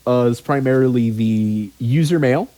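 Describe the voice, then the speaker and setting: A male podcast host chatting casually in a dry, close recording. He rambles, swears freely and fills his pauses with ums. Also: medium pitch, dark tone, dry recording. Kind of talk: casual chat.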